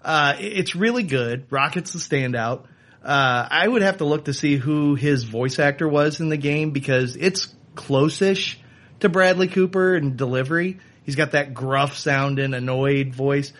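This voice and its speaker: A man with a somewhat raised voice, chatting casually as a podcast co-host. He talks in quick bursts with frequent fillers while reviewing a game. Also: a little high, a bit bright. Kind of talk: casual chat.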